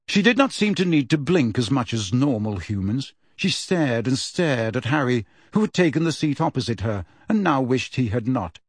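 A man narrating an audiobook in a measured, steady storytelling voice. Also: medium pitch, husky, dry recording, studio quality.

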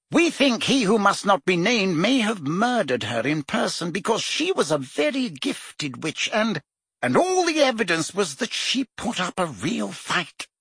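A man doing a flustered, fast-talking wizard minister. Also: a bit bright, husky, no echo, clean studio sound, heavily acted. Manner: rapid, heated, rising pitch when pressed.

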